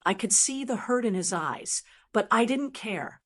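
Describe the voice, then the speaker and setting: Older woman, first-person story narration, measured and steady, mid-pitched voice. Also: slightly rough.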